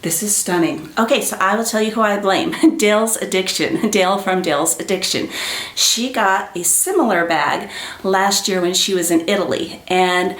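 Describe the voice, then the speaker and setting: A woman's voice: mid-range voice, normal speed, roomy sound. A woman chatting to her viewers as she unboxes a handbag, gushing and exclamatory in a casual way. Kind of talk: casual unboxing chat to camera.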